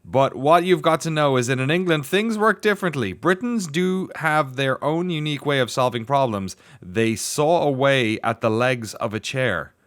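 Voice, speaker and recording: A man's voice: mid-range voice, fairly bright tone. A man co-hosting a casual motorsport podcast, musing in a rambling way with dry asides. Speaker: podcast co-host.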